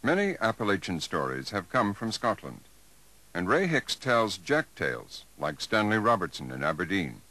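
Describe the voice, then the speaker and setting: A man narrating a 1980s broadcast documentary in a measured, polished delivery. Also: deep voice, sing-song, pushed and bright, rough recording.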